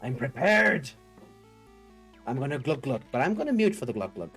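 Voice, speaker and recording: A man's voice: medium pitch, very animated, normal speed, fairly bright tone, breathy edge, soft background music. A man hosting a casual coding livestream, thinking aloud and chatting with viewers in a rambling, upbeat way. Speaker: livestream host.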